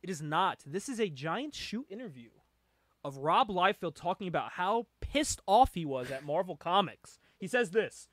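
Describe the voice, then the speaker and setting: A man hosting a casual comic book chat, animated and laughing often as he reads panels aloud. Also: high-pitched, moderate pace, no room sound, studio quality. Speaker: podcast host.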